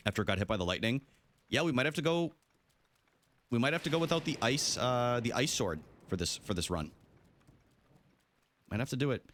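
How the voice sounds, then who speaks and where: Lively, joking young male game streamer. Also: medium pitch, a little fast, pauses often. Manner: animated, jokey, swears, talks to chat. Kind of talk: casual live game commentary.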